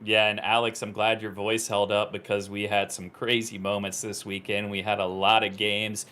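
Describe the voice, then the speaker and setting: A man commentating live on an esports final, his voice climbing high at big moments. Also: flat delivery, moderate pace, sharp tone.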